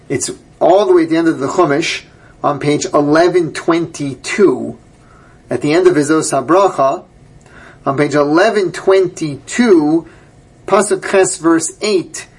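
A man's voice: on the high side, husky. A man teaching a Torah class, reading verses aloud and then translating and explaining them. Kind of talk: Bible class lecture.

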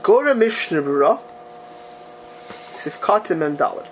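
A man teaching a religious text class, reading passages aloud and asking the students rhetorical questions in an animated way. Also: sits high, a little slow, a little hiss or hum. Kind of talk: text-study lecture to a class.

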